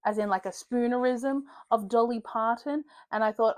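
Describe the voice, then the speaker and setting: A woman's voice: fairly high pitch, normal speed, hardly any pauses, no room sound. A woman vlogging about books in a chatty, joking way, swearing casually. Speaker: book vlogger. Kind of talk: casual chat.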